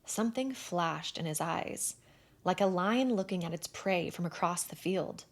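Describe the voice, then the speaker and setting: A woman narrating a first-person romance novel in an expressive, animated way with breathy asides. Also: fairly low pitch, normal speed. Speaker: audiobook narrator.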